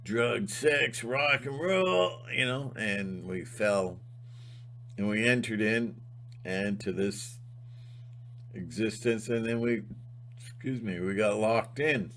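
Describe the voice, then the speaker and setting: A man giving a rambling spiritual monologue, halting and restarting often. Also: fairly low pitch, fairly bright tone, slight background noise. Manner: halting, full of fillers and restarts. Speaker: channel host.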